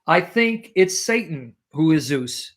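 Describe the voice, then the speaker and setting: Emphatic high-voiced man arguing theology. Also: very animated, slow, fairly bright tone. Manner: emphatic, rhetorical questions, clears throat. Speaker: Christian apologist guest. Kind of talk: animated theological argument.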